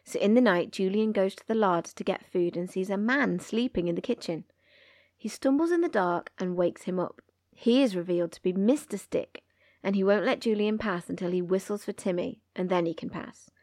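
A woman co-hosts a book podcast, recapping chapters and reading passages aloud, voicing the dialogue in character. Her voice is medium-pitched with a darkish tone at normal speed, recorded in studio quality with no echo.

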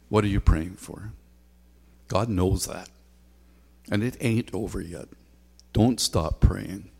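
A pastor with a low, slightly mellow voice preaches a sermon in a conversational way, with frequent ums and a repeated refrain. His voice echoes with long hall reverb.

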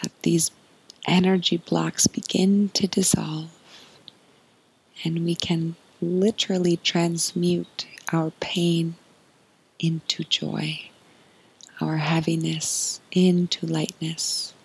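A woman hosting a podcast, giving a soft, earnest spiritual monologue in a breathy, often whispered voice. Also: on the low side, little pitch movement, slow pace, low-quality recording. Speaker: podcast host.

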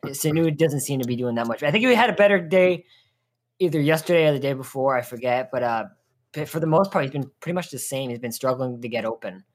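A skeptical young man leads a casual sports podcast and keeps moving the talk to the next topic. His pitch rises and falls a great deal from phrase to phrase. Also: lively intonation, quick pace. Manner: skeptical, steers the discussion. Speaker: podcast host.

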